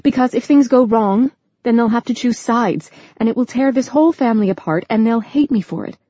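A woman's voice: fairly high pitch, fairly quick, mellow, no echo, dull audio, natural voice. A woman narrator voicing an anxious young woman who speaks in a hesitant, strained way.

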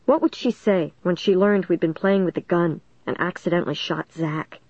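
A woman narrating a first-person suspense story in a steady, dramatic storytelling manner. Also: lowish voice, moderate pace, slightly rough, dry recording, highs cut off. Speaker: audiobook narrator.

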